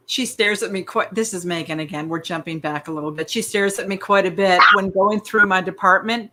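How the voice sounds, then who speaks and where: A woman's voice: mid-range voice, sharp tone. A woman hosting a casual live stream, chatting and reading out viewers' questions. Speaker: host.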